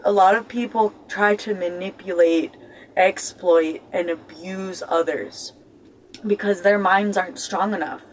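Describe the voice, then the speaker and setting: A woman's voice: fairly low pitch, slight background noise, poor audio. A woman giving casual self-help advice to her viewers. She is blunt, swears freely, laughs often, and keeps checking in with "okay?". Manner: laughs often and jokes between points; talks straight to viewers as "y'all". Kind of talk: casual motivational talk.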